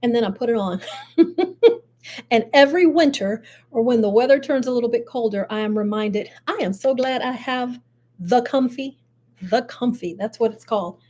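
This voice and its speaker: An older woman hosting a casual live chat show, chatty and animated with frequent laughs. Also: on the high side, brisk. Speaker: host.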